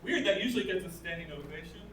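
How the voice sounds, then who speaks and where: Fast and expressive, an English comic with a voice on the high side fires off dry, self-deprecating lines from a comedy club stage. The distant recording is very noisy and roomy, with laughter from the audience.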